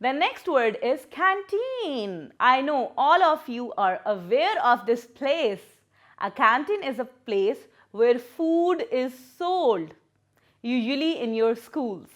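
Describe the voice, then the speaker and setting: Slow, patient woman teacher. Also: high-pitched, a bit bright. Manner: patient, repeats words and splits syllables. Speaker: primary school English teacher. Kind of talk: recorded classroom lesson.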